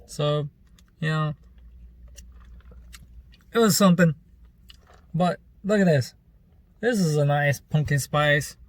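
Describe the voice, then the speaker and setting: A man's voice: fairly high pitch, takes it slowly, pauses often, no echo. A man vlogger telling a rambling, loose story in casual chat, with plenty of fillers and some swearing.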